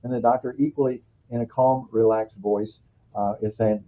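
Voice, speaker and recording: A man delivers a healthcare training lecture, walking his students through a case and recalling patients from earlier jobs. His voice has a husky, slightly rough edge, and his pitch sits in an ordinary middle range. The sound is thin and phone-like, as if heard over a narrow, lo-fi line. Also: a little fast. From United States. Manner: explanatory, uses clinical anecdotes. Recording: phone-like lo-fi recording.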